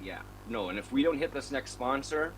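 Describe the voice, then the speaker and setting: A man's voice: medium pitch, lively intonation, brisk, a crowd in the background, rough recording. A man co-hosting a casual online chat, laid-back and jokey. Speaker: co-host.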